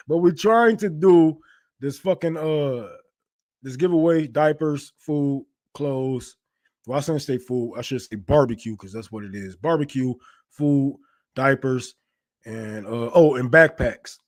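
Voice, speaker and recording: A man's voice: fairly high pitch, moderate pace, darkish tone, no echo. A man hosting a livestream in casual commentary, talking in a rambling way with heavy slang and lots of swearing. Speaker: livestream host.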